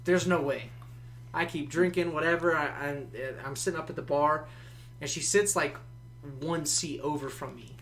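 A man's voice: fairly high pitch, normal speed, fairly bright tone, slight background noise. A man in his twenties telling a story in casual, profane podcast chat. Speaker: podcast guest.

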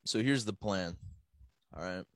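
A man's voice: low voice, a little slow, dry recording. A young man co-hosting a podcast, telling stories in a casual, profane way and acting out the voices of people in them. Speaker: podcast co-host. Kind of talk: casual storytelling.

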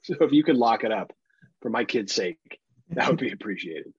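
A man's voice: medium pitch, expressive, fairly quick, husky, dry recording. A man co-hosting a podcast in casual chat, riffing with sarcastic jokes and casual swearing. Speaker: podcast co-host. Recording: dull dry sound.

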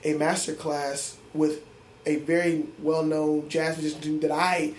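A middle school music teacher, an adult man, answers interview questions earnestly and thoughtfully, often beginning his sentences again. His pitch is fairly high and his delivery flat, at a measured pace. Faint ambience fills the echoey room, with a little hiss or hum on the recording.

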